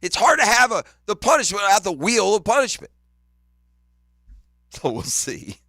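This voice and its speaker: Bright, playful sports radio man. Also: sits high, very animated, moderate pace, no echo, studio quality. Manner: playful, laughing often, teasing. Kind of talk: casual morning radio banter. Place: radio studio. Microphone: studio microphone.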